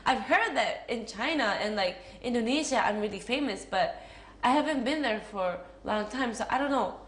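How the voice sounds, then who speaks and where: At a moderate pace, a young actress with a Japanese accent answers interview questions in a slightly high voice with lively intonation. She's relaxed and talkative, full of fillers and giggles, recorded in an echoey room with faint noise.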